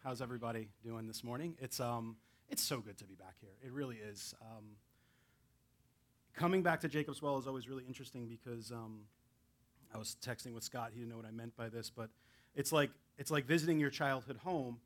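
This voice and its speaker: A man's voice: mid-range voice, a little fast. A man preaching as a guest pastor in a church, casual and chatty with self-deprecating asides. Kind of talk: sermon. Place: church sanctuary.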